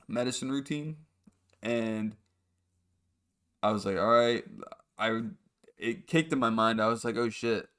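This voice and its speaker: A man's voice: fairly low pitch, fairly bright tone. A young man hosting a podcast, telling funny stories in a rambling, casual way with fillers and restarts. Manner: rambling, laughs at his own stories, frequent fillers and restarts. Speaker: podcast host. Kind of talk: casual storytelling monologue.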